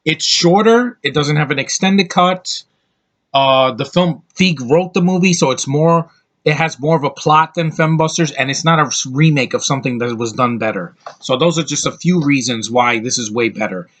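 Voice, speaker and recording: A man's voice: a little high, normal speed, a bit bright. A man giving a casual, opinionated film review, rambling and restarting his sentences as he goes. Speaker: movie reviewer.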